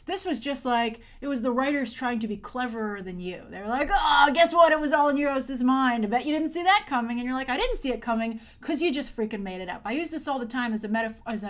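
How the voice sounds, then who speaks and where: Animated woman reviewing a TV episode. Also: on the high side. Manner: animated, acts out mocking quoted voices. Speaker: film and TV reviewer, show host. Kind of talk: casual spoken review.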